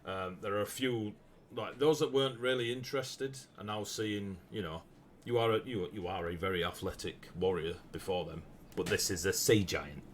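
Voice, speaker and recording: A man running a tabletop game as game master, narrating the scene with a lively manner and frequent laughs. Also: on the low side, moderate pace, a little hiss or hum. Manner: lively, laughs often, bursts into shouted character lines.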